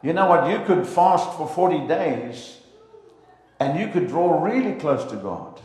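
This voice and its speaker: A man preaching a lively sermon in a church, playful and animated, often acting out the voices of God and his congregation. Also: on the high side, measured pace. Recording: echoey hall, long reverb.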